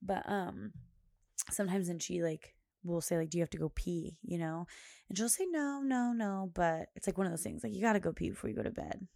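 A woman's voice: lowish voice, fairly even intonation, a little fast, creaky, a little mellow, no echo, studio quality. A young woman hosting a podcast, telling a rambling, casual story full of fillers. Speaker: podcast host. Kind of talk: casual chat.

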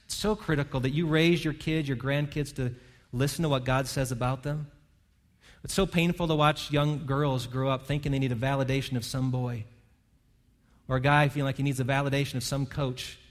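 A middle-aged man preaching a sermon as pastor, earnest and building to fervent emphasis. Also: fairly high pitch. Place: church sanctuary. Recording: long church-hall reverb with faint music.

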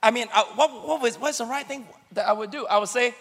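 Bright-voiced male pastor preaching. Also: very high voice, fast talker. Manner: conversational, calls for congregation responses. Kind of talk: sermon. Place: church hall. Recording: echoey church hall.

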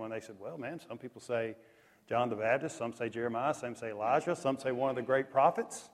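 A man preaching a sermon, telling stories in a lively, conversational way. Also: mid-range voice, fast. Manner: animated, conversational storytelling with lively swings in loudness. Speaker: pastor. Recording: long echo of a large hall.

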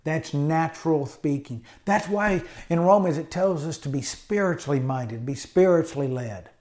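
A man's voice: fairly high pitch, moderate pace, darkish tone. A man preaching a sermon in an emphatic style, often adding amens and hallelujahs. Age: adult with college degree. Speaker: pastor.

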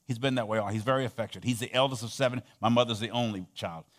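A middle-aged man delivers a sermon in a mid-range voice, building to loud emphatic peaks and then dropping to soft, hushed lines. He leads his congregation in call-and-response, having them repeat phrases back to him. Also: medium pitch, racing. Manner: dynamic preaching, swinging between loud emphatic peaks and soft near-whispered passages. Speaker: pastor.

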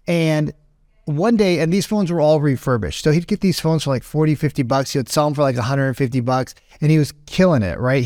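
This man tells a story in a slightly high voice that rambles along with many asides, and he lively acts out the people he quotes. The sound is dry and close, with no room around it. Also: no room sound. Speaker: podcast host. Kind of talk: casual storytelling monologue.

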